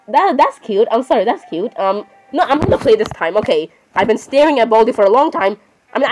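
A woman's voice: on the high side, a little mellow, rough recording. A woman chatting casually while playing a game, often apologizing and saying "literally". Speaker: gamer. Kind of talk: casual gameplay commentary.

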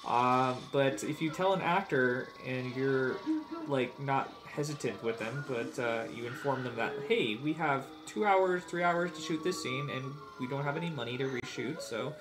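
A young man co-hosting a casual film commentary, chatting loosely and sharing low-budget directing tips. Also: moderate pace. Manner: loose, laughing, offers filmmaking tips. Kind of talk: casual riffing over a film.

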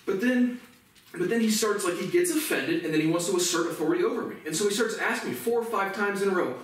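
A man's voice: high voice, fast talker. Indignant profane man, echoey and distant. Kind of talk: angry ranting monologue to camera. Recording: echoey room, voice far from mic, faint noise.

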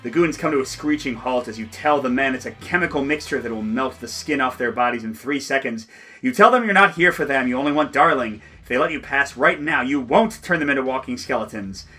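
A man's voice: mid-range voice, brisk, sharp tone, slightly rough, faint music behind. A man playing through a solo board game, reading the story text aloud and joking between rolls, often laughing.

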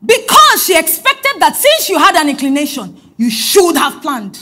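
Woman pastor, high voice, very animated pitch, emphatic repeating sermon delivery. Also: moderate pace. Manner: emphatic preaching with repeated phrases; swings between loud emphatic lines and soft asides.

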